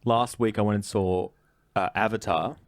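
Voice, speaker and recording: A man's voice: on the low side, normal speed, dry recording. Man, podcast co-host, rambling casual talk, dry close recording. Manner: relaxed, rambling, playful. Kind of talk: casual chat.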